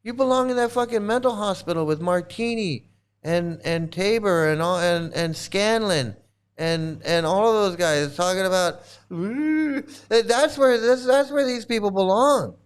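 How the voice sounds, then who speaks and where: A man's voice: high voice, normal speed, smooth. A man ranting in angry commentary as a former member, profane and repetitive, restarting his sentences.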